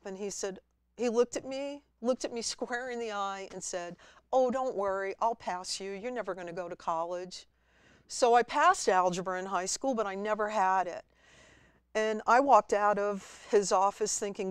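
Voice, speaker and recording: A woman guest at a college TV studio, telling her story in a lively way and acting out her own past words. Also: mid-range voice, smooth, no room sound. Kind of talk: storytelling interview.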